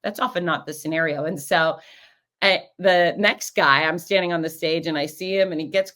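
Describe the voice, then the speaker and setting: A woman hosting a show, telling stories in a casual, animated way and acting out the voices of the people in them. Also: on the low side, moderate pace. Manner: animated, acts out quoted voices. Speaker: podcast host and race announcer. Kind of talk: casual storytelling recap.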